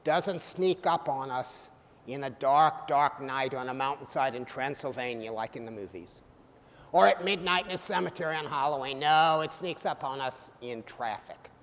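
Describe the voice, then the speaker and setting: A middle-aged man preaching a sermon, animated and humorous, swinging from loud bursts to soft, quiet lines. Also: mid-range voice, moderate pace. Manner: humorous asides. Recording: hall reverb.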